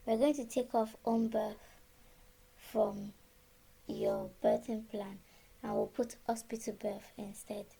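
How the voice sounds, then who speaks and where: A woman's voice: mid-range voice, slow, gravelly, long pauses, breathy edge. A woman from Nigeria, probably in her thirties, casually telling a personal story and acting out the conversations she had. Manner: animated, reenacts conversations with quoted dialogue. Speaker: storyteller sharing her birth experience.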